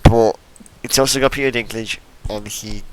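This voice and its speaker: Smooth-voiced teasing man. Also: lowish voice, fairly even intonation, normal speed, no room sound, rough recording. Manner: playful, teasing, trails off with fillers. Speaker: podcast co-host. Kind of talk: casual chat.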